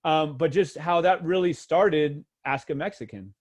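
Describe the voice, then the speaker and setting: A man's voice: fairly high pitch, unhurried. Male host, casual interviewer, loose and chatty. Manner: relaxed, loose questions with many fillers. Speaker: podcast host.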